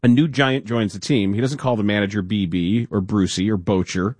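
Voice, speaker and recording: A man co-hosting a casual sports talk show, reading a column aloud with playful, animated emphasis. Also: lowish voice, a little fast, no echo. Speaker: radio co-host.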